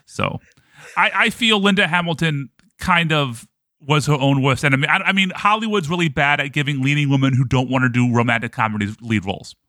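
A man's voice: on the high side, a little fast, pushed and bright, no echo. A man co-hosting a casual movie podcast, chatty and stumbling over his words, often laughing. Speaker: podcast co-host.

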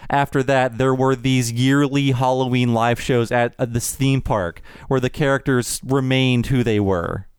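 Male podcast guest, mid pitch, smooth and clear, dry sound, eager explainer. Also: steady tone, unhurried, few pauses, dry recording. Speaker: podcast co-host. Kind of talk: casual chat.

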